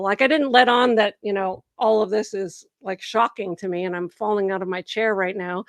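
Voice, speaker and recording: A middle-aged woman recounting a story in a relaxed, chatty way, slightly high and with a gravelly fry under her voice. She leaps into higher voices to act out quoted people and laughs as she goes. Close and dry, with no room sound. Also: moderate pace, dry recording. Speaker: host. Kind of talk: casual conversational storytelling.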